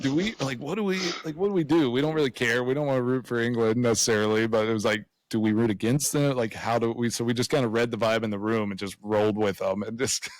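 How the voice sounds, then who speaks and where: A man's voice: medium pitch, no echo, poor audio. A man in his thirties co-hosting a podcast, telling stories in a laid-back way and chuckling often. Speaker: podcast co-host. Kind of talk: casual interview chat.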